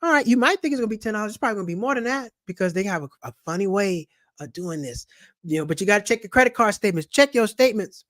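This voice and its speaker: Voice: mid-range voice, animated, very fast, fairly bright tone, dry recording, clean studio sound. Slangy, blunt money vlogger. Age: young adult or older. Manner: loose and slangy, with blunt asides and swearing; rambling, with many restarts and acted quotes. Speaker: personal finance vlogger. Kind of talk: casual talk to camera.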